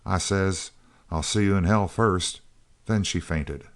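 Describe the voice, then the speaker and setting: A man reading the lines of a cool, easygoing young male outlaw recruit who talks calmly. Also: low voice, slow. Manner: calm, easy drawl.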